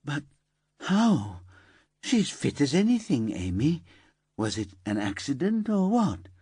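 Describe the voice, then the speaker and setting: A man voicing an anxious, eager-to-please young office worker with a high, light, slightly camp voice in an audiobook. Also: huge pitch swings, slow pace, dark tone, slightly rough, dry recording, full character voice. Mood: distraught.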